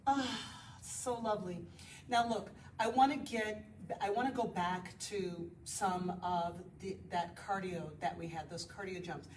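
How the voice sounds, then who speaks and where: A woman's voice: fairly low pitch, measured pace, recorded from a distance. A woman yoga instructor guiding a live class, chatty and encouraging, counting poses aloud. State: out of breath at times. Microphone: body mic, at times distant. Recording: echoey room, voice from off mic, faint noise.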